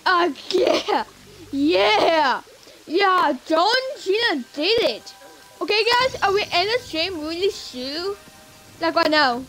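A woman with a very high, bright voice streaming a game live. She speaks slowly between lively swoops of pitch, exclaiming and pleading at the game. Faint game music plays behind her. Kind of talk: live gameplay commentary.

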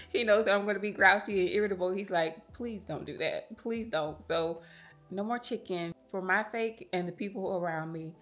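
A woman's voice: fairly low pitch, fairly bright tone. A woman in her thirties talking casually to her viewers while out on a morning walk, candid and chatty, a little out of breath. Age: 30s. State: slightly out of breath from walking. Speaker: vlogger. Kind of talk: casual chat to camera while walking.

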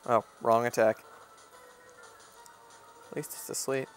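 A man talking through his gameplay in a loose, offhand way, now and then grumbling at the game. His voice sits at an ordinary middle pitch. Faint game music plays softly behind him. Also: flat delivery, slow pace. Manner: offhand, chatty, mildly grumbling. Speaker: Let's Play host. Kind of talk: casual gameplay commentary.

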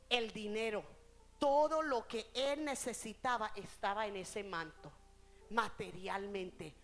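Switching phrase by phrase between Spanish and English, a woman preacher gives a bilingual sermon in a church at medium pitch. She stretches out important words as her delivery swells and eases.

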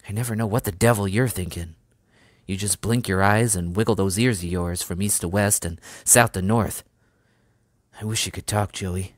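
A man voicing a gentle young farm lad turned soldier, who speaks softly and fondly as if to his horse. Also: deep voice, no echo, studio quality.

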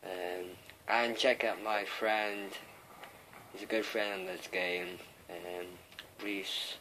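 A man's voice: deep voice, level tone, slow pace, bright, forceful tone, rough recording. A man from Wales giving rambling, casual commentary while playing an online shooter, often swearing at other players. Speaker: gamer. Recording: game sounds and noise behind.

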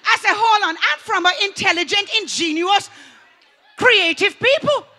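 A woman preaching a rousing sermon in a very high, bright voice. She delivers it fervently and preacherly, rising to loud declarations and dropping to hushed passages. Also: lively intonation, normal speed. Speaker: pastor. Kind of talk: motivational sermon.

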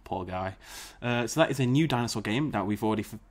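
A man's voice: on the low side, quick pace. A British man hosting a gaming channel, chatting casually to camera in a jokey, self-mocking way, recorded on a dedicated mic. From Britain. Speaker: YouTube gaming channel host. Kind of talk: casual vlog chat to camera.

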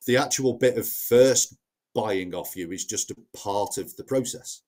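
Northern english guy, lowish voice, plain-spoken sales trainer chatting on a podcast. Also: a little slow, a little mellow. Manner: plain-spoken, explains step by step with acted-out quotes. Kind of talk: casual podcast conversation.

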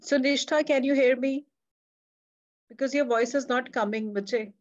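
A woman teacher leads an online reading class. She praises her students warmly and fills in with soft acknowledgements. Her voice is fairly high, and the dull, lo-fi call audio flattens it. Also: moderate pace. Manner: encouraging, many soft "hmm" acknowledgements.

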